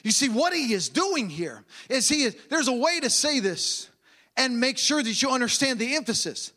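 A man's voice: extremely high pitch, very animated, moderate pace, pushed and bright. A man preaching a sermon, emphatic and often raising his voice, repeating phrases for stress.

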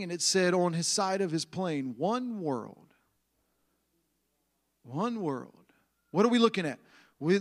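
A man preaching a sermon, emphatic and repetitive, with an uneven, stop-and-start pace. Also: high-pitched.

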